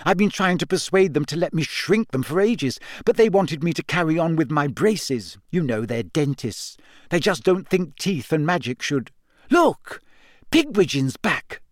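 A man reading aloud voices a clever, sharp-tongued teenage girl with a brisk manner. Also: a little high, big pitch swings, no echo, studio quality, voice pushed up. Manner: brisk, scathing. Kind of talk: audiobook character voice.

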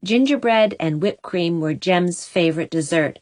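A woman narrating a storybook chapter in a steady, expressive reading. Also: lowish voice, normal speed, no echo. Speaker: audiobook narrator.

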